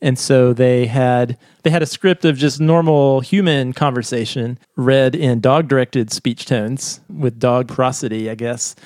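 A man's voice: medium pitch, measured pace, few pauses, darkish tone, no room sound. Guy cohosting a podcast, explains stuff, laughs a lot, dry close mic. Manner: chatty, explanatory, laughs often. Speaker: podcast co-host explaining a study. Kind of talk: casual science chat.

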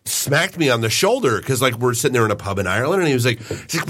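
A man's voice: medium pitch, big pitch swings, rapid-fire, fairly bright tone, husky. A man co-hosting a podcast, joking and rambling with fillers. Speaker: podcast co-host. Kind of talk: casual podcast chat.

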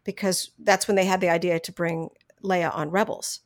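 A middle-aged woman, a voice actress, telling stories from her career in a casual interview, animated, laughing often and restarting her sentences. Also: fairly low pitch, measured pace, few pauses. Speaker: voice actress guest.

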